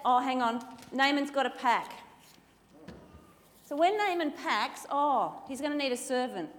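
A woman telling a Bible story to children in a lively, playful way, acting out the characters. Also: high voice, measured pace. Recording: reverberant hall with faint ambient noise.

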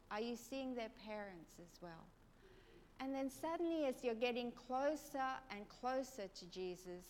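A woman preacher leading a congregation through a gentle guided prayer meditation, asking soft questions. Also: fairly high pitch. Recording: long reverb of a large hall, faint noise.

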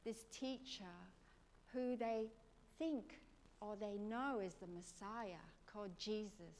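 A woman preacher leading a congregation through a gentle guided prayer meditation, asking soft questions. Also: mid-range voice, slow. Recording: long reverb of a large hall, faint noise.

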